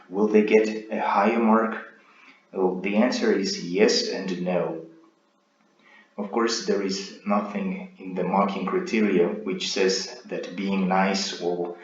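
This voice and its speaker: A man giving a recorded speaking lesson as a teacher, explaining in a measured way and checking in with "right?". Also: deep voice. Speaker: IELTS teacher. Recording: roomy, dull lo-fi sound.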